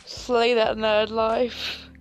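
A woman's voice: fairly high pitch, flat delivery, drawn-out words, faint music behind. A young woman vlogging in a casual, sassy, camp way, full of swearing and dramatic outbursts. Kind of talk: casual livestream chat.

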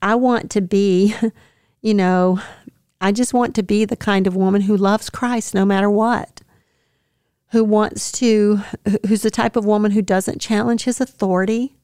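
A woman hosting a devotional podcast, reflecting earnestly and tenderly on scripture, with soft laughs now and then. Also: medium pitch, clear, resonant tone, no echo, clean studio sound. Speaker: podcast host.

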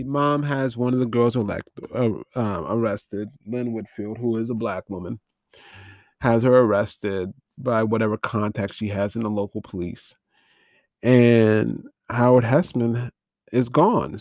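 A man talks through an old film as a podcast host, rambling and correcting himself as he goes. His voice sits in a middle pitch. The sound is close and dry. He stays casual and sounds incredulous throughout. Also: no echo. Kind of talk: casual film-recap commentary.

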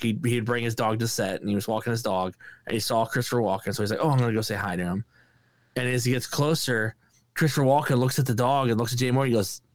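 A man's voice: mid-range voice, dry recording. A man co-hosting a podcast, chatting casually and telling stories with laughs and swearing. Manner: storytelling, swearing, laughing often. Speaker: podcast co-host. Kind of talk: casual chat.

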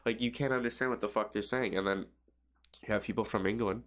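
Low-voiced young man rambling profanely. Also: fairly quick, a bit bright. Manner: profane, rambling, with many fillers and restarts. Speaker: podcast host. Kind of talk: casual rambling monologue.

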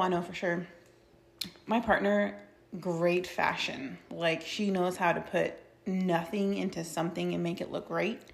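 A woman's voice: on the low side, creaky. A woman guest in a casual chat, speaking candidly and reflectively.

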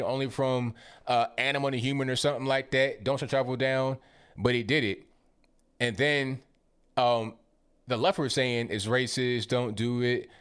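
A man's voice: medium pitch, a bit bright. A man hosting a livestream in a casual commentary style. He reads viewer comments aloud and answers them with blunt rhetorical questions, using slang and often repeating words.

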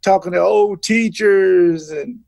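A man's voice: high-pitched, steady tone, takes it slowly, gravelly, a little mellow, no room sound. A middle-aged man and former pro football player, a guest telling stories in a casual interview and acting out the voices of the people he quotes.

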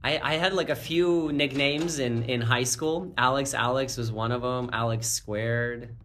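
A man's voice: medium pitch, moderate pace, a little hiss or hum. A man in his forties, born in Ukraine with Russian as his first language, speaking with an American accent, chatting as an executive guest in a casual interview with many fillers. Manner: relaxed, chuckling, many fillers.

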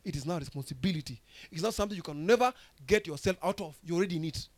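A Kenyan man preaching a sermon in a high voice, recorded close and dry. He asks questions for the congregation to answer and moves from quiet teaching to loud, rising exhortation. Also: expressive, racing, few pauses, no echo. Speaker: pastor.

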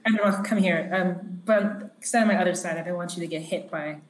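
A woman's voice: on the low side, a little fast, roomy sound, over a noisy crowd, poor audio. A woman player in a tabletop game, speaking in character formally and politely. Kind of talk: tabletop role-play.

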